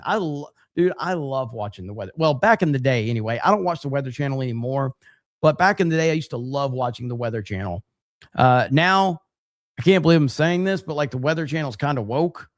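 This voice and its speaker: A man's voice: a little high, normal speed, no room sound, studio quality. A man hosting a casual livestream, reading viewer messages aloud and reacting with jokey exasperation. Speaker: livestream host reading super chats.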